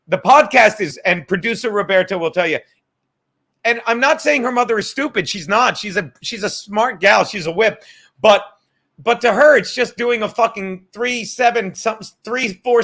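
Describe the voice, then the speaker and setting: A man's voice: sits high, fairly bright tone. A middle-aged man hosting a podcast, rambling in casual, profane chat and laughing often. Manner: rambling, profane, laughs a lot, drinking on air. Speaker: podcast host.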